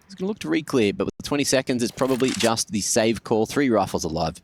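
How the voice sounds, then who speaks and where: A man giving measured, tactical analysis during a live esports broadcast. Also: medium pitch, sing-song, slight background noise.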